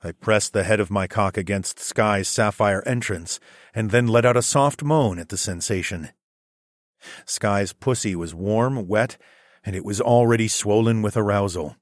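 Low-voiced male audiobook narrator. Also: a little slow, no echo, clean studio sound. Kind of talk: first-person audiobook narration.

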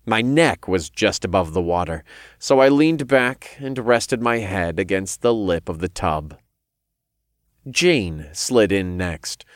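A man reading a first-person story aloud in a calm, measured way. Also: lowish voice, no echo, clean studio sound. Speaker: narrator.

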